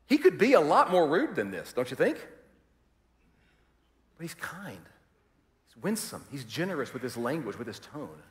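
A male pastor preaching in a lively, animated voice that sits a little high. He acts out the people he quotes and swings from loud to hushed. His voice rings through a large, echoing church hall. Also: moderate pace, pauses often. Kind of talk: sermon. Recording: roomy hall reverb.

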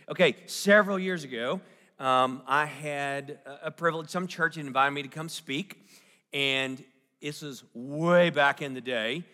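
A man's voice: medium pitch, bright, forceful tone. A middle-aged man preaching a sermon, telling a family story and often asking the congregation questions. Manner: storytelling with audience questions and jokes. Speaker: pastor. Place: church sanctuary. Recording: long hall reverb.

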